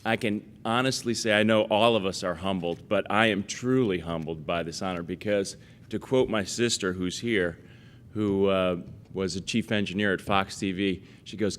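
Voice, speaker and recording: A man giving a relaxed, story-filled award acceptance speech, self-deprecating, full of fillers, and acting out family quotes. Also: low-pitched, normal speed, a little hiss or hum. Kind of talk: casual anecdotal acceptance speech.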